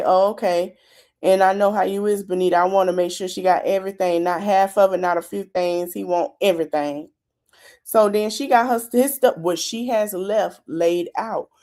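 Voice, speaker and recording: A woman's voice: on the low side, dark tone. Chatty woman retelling reality show drama. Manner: chatty storytelling, retelling dialogue with commentary. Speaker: podcast host. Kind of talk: casual reality show recap.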